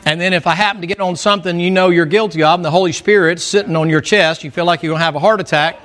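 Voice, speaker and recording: A man's voice: high-pitched, fairly even intonation, fast, fairly bright tone. A middle-aged male pastor from the American mountains, preaching a sermon in a folksy, storytelling way with humorous asides. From American mountain region.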